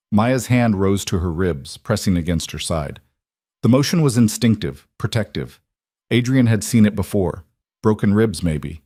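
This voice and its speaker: Guy narrating a dark romance story, steady, lowish voice, dry close mic. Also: normal speed, no room sound.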